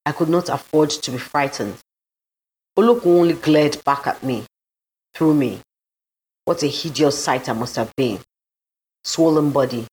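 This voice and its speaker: Low-voiced woman narrating a dramatic story. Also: darkish tone, low-quality recording. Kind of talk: scripted first-person audiobook narration.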